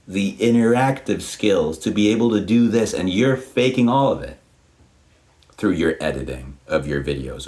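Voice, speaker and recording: Low-voiced guy, english not his first language, swearing a lot and going off on tangents in a long unscripted rant. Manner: profane, emphatic, tangential. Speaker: YouTuber. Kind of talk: unscripted ranting monologue.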